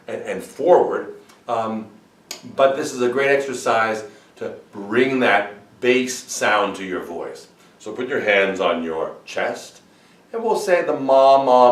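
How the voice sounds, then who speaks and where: A man teaching vocal warm-up exercises as a voice coach and demonstrating the sounds himself. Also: roomy sound, distant mic. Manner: demonstrates sung vocal exercises, swooping high to low.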